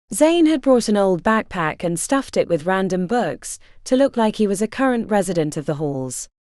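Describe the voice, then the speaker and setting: A woman narrating a fantasy audiobook with expressive, measured storytelling. Her pitch rises and falls freely at a mid-range level. The recording is dry and close, with no room sound. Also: dry recording.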